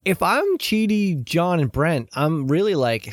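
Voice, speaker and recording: A man hosting a casual podcast chat, playful and quick to laugh. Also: fairly high pitch, dry recording, clean studio sound. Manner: animated, laughs often, playful. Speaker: podcast host.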